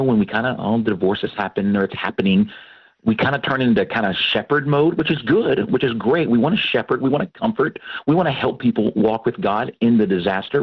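A man, a pastor and Christian counselor, telling his testimony with earnest, animated storytelling. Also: medium pitch, husky, muffled recording. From Texas. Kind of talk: testimony in a radio interview.

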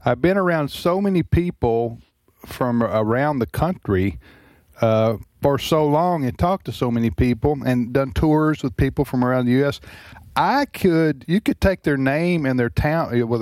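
A man's voice: medium pitch, expressive, a little slow, a little mellow, no room sound. A man hosting a radio talk show, rambling and chatty, poking fun at himself. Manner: rambling, chatty, self-deprecating. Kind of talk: casual radio chat. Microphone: studio microphone.

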